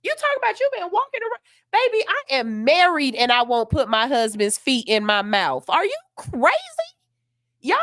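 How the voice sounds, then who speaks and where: A woman's voice: sits high, very animated, moderate pace, fairly bright tone, dry recording, clean studio sound. A woman hosting a morning radio show, ranting in outrage with profanity, then reading news stories aloud. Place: radio studio.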